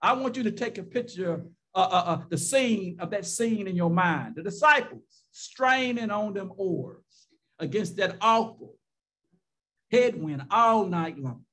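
High-voiced preacher with emphatic rhetoric. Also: male voice, lively intonation, unhurried, a bit bright. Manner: rhetorical questions and repeated phrases. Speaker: pastor. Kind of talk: sermon.

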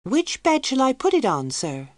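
Storybook figure: polite, helpful young maid at an inn, higher voice, read by a woman. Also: huge pitch swings, normal speed, no room sound, clean studio sound. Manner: polite and eager to help.

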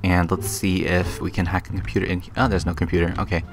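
A young man doing Let's Play commentary on a game, excitable, often jumping to high shrieks and laughter, with game music behind. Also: fast. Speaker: gaming YouTuber.

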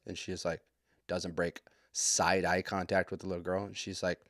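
A man's voice: low-pitched, steady tone, normal speed, fairly bright tone, dry recording, clean studio sound. A man in his thirties hosting a podcast, telling stories in a loose, profane, self-mocking chat. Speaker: podcast host. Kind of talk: casual solo podcast monologue.

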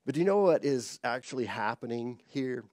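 A man's voice: medium pitch, lively intonation, normal speed, darkish tone, no room sound, studio quality. A man preaching a conversational sermon, laughing now and then and acting out quoted dialogue. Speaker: pastor.

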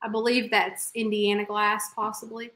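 A woman's voice: mid-range voice, level tone, normal speed, fairly bright tone, roomy sound. A woman co-hosting a live vintage reselling stream, chatting casually as she shows thrift finds. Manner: chatty, showing items. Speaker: co-host of a live reselling show.

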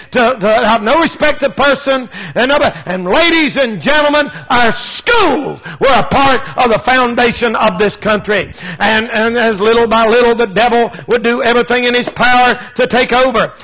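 A male preacher with a very high, bright and forceful voice. He preaches a fervent, emphatic sermon, driving his points home through repetition. His speech is folksy and plain, and he often rises to shouts. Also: rough recording.

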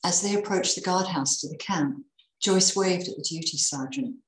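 A woman reading a Christmas story aloud in a measured, expressive way. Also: on the low side, reverberant, slight background noise, low-quality recording.

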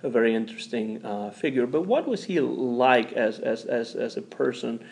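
A man hosting an interview, asking questions in a halting way and restarting words. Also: mid-range voice, animated, vocal fry, darkish tone. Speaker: podcast host.

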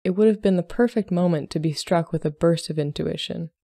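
Mellow woman narrating a story. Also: fairly low pitch, gravelly, no room sound, studio quality. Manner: measured storytelling. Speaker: podcast host reading a story.

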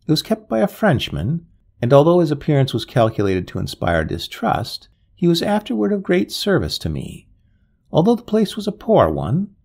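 A man narrating a dramatic old ghost story in an expressive, measured way. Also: mid-range voice, slightly rough.

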